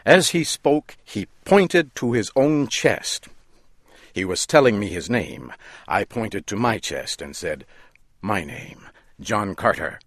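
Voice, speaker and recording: Deep, slow-reading male narrator. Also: very animated, no echo, clean studio sound. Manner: slow, measured, deliberate delivery. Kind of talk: scripted story narration.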